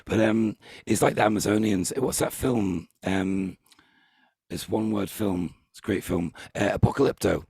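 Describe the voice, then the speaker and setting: A man hosting a loose group conversation, his voice very gravelly and raspy. He stumbles and restarts often, and the sound is dry and close. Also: on the low side, a little mellow, no echo. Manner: halting, full of restarts and fillers. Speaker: host. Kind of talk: casual group chat.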